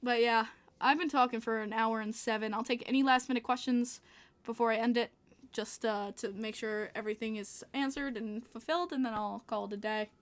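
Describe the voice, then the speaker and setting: A woman's voice: fairly high pitch, steady tone, fairly quick. A woman with a Long Island New York accent, hosting a casual livestream podcast and chatting with viewers, laughing often. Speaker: podcast host reading live chat.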